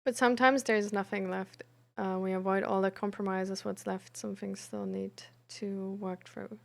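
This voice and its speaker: A woman streamer and peer support coach, chatting frankly and reflectively with her audience, pausing often with fillers. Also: mid-range voice, level tone, gravelly. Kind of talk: casual live-stream chat about mental health.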